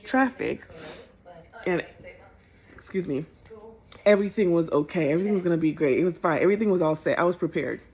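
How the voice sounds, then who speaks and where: A woman, a social worker, telling a personal story in an animated, expressive way. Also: fairly low pitch.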